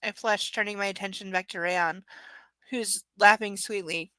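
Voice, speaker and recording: A woman's voice: medium pitch, fairly even intonation, moderate pace, bright, forceful tone, no room sound, poor audio. A woman reading a romance novel aloud live, breaking off for sarcastic, swearing jokes about the text. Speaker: reader of a novel.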